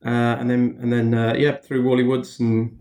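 A man's voice: mid-range voice, completely flat delivery, moderate pace, darkish tone. A man chats as a podcast guest, amiable and a little hesitant, filling gaps with ums. His voice comes through a roomy, echoing space. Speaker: guest comedian. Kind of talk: casual chat. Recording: roomy echo.

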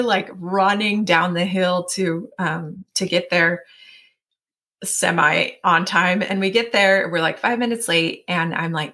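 Her voice is fairly low and a little slow as this woman in her forties, a guest in an interview, shares a personal story. She chats freely, uses many fillers and often acts out her inner voice's words.

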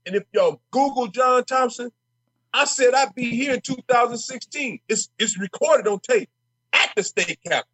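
High-pitched man, dry close sound, fiery emphatic politician guest who stumbles over repeated words. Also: normal speed, sharp tone, husky, no echo. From Minnesota. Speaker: state legislator guest. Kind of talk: passionate interview talk.

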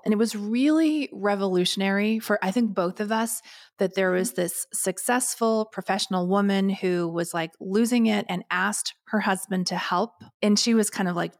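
A middle-aged woman talks openly on a podcast, frank and emotional, close to tears. Her voice has a medium pitch and a plain conversational delivery. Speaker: podcast co-host. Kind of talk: casual podcast chat.

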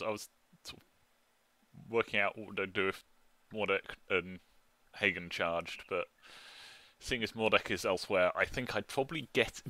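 A man's voice: on the low side, pushed and bright, no room sound. A man playing in an online tabletop game, chatty and laughing often. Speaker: player. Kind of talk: casual chat during a tabletop game.

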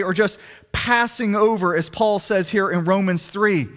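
A man preaching a sermon, asking the congregation rhetorical questions and swinging between soft and emphatic delivery. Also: sits high, unhurried. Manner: animated, rhetorical questions, shifting loud and soft. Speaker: pastor.

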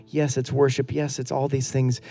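A man's voice: medium pitch, flat delivery, normal speed, gravelly, mellow. A middle-aged male pastor delivering an earnest, conversational sermon full of rhetorical questions.

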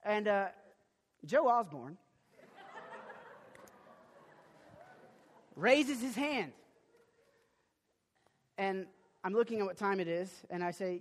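A young male preacher with a high voice, telling a story from the pulpit. He is animated, stumbles over restarts and breaks into sudden loud bursts. His voice rings with the long echo of a big hall. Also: very slow, pauses often. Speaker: pastor. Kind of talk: sermon with personal storytelling. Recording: long reverb of a large hall.

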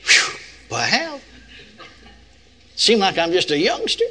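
Animated older preacher. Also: male voice, high-pitched, unhurried, a little hiss or hum. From United States. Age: 60s. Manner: folksy, playful, chuckling asides to the audience. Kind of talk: sermon.

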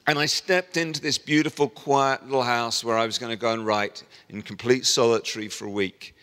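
A middle-aged man preaching a sermon as a pastor, telling stories and lively acting out the people he quotes. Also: medium pitch, fairly quick, clear, resonant tone. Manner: storytelling, animated voicing of quoted people. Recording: long hall reverb.

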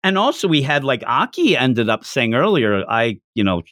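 A man co-hosting a casual manga discussion podcast, talking animatedly and acting out character lines in quick put-on voices. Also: mid-range voice, sing-song, fairly bright tone, no echo, studio quality. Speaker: podcast co-host.

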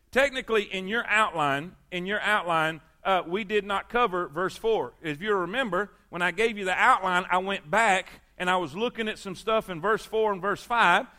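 A man's voice: high-pitched, bright, forceful tone. A man preaching a sermon as pastor, repeating phrases for emphasis and calling on his congregation for amens.

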